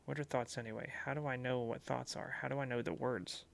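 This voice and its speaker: A man's voice: mid-range voice, fairly even intonation, a little fast, creaky. A man reading the lines of a despairing young man trapped in a hole, in a horror game. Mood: brooding. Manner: despairing, then pleading. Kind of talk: reading game dialogue aloud.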